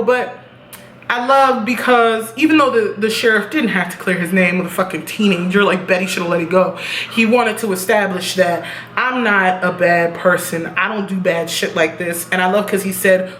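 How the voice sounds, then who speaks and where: A young woman casually reviewing a TV episode, animated and profane, laughing at her own reactions. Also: medium pitch, moderate pace. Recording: echoey room with faint noise.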